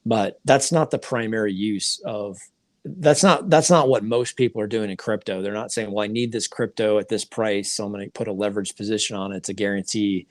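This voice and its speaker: A man's voice: on the low side, steady tone, fairly quick, no echo. Dry-sounding man explaining markets. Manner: explanatory, restarts often, stumbles on words. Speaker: podcast co-host. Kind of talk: casual market discussion.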